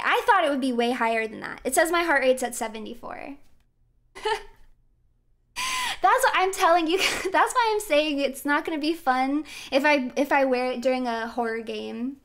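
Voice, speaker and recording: A woman with a high, bright-pitched voice, chatting casually to her viewers as she plays. She is giggly and playful and laughs often between her thoughts. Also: lively intonation, moderate pace. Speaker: streamer. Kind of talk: casual chat while gaming.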